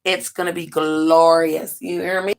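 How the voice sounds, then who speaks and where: A woman in her forties hosting a casual livestream from home, chatty and animated, often laughing and talking straight to her viewers. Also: low voice, a little slow. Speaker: livestream host.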